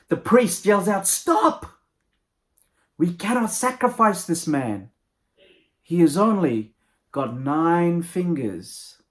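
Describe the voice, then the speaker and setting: A male motivational speaker tells a moral story, his voice rising and dropping with animated energy. He narrates with warmth for effect and lands a lesson for entrepreneurs. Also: mid-range voice. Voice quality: lively, animated delivery.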